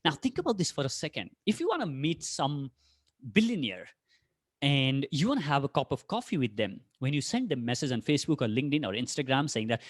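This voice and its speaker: A man with an Indian English accent giving an energetic talk to an online conference audience, firing rhetorical questions at them. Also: medium pitch, fast, dry recording, clean studio sound. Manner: animated, addresses audience directly with many rhetorical questions. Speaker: podcaster giving a career talk.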